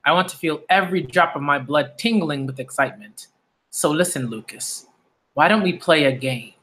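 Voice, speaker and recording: Man reading a cruel demon noble, smug, gleeful, bright tense voice, slightly high. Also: moderate pace, lightly acted. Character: gleeful cruel male demon aristocrat hunter.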